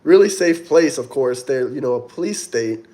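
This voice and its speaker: Guy rambling on a livestream, reading chat comments out loud, middle-pitched easy voice. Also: lively intonation, normal speed. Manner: chatty, rambling, reads viewer comments aloud.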